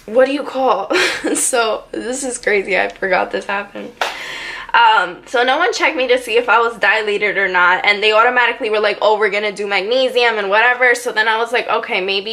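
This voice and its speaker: A young woman vlogger casually telling a personal story to camera, animated and full of "like"s. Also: mid-range voice. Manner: animated, filler-heavy retelling with many "like"s.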